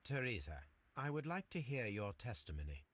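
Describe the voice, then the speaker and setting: A male actor with a mid-range voice plays a calm, methodical Victorian detective in a video game. He questions witnesses in measured, formal speech with a probing mood.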